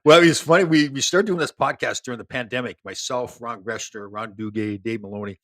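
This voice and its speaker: A man in his sixties, a former hockey player, telling lively stories as a guest in an interview. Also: mid-range voice, brisk, no room sound. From Canada. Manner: animated storyteller, laughs, many restarts. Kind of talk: casual storytelling interview.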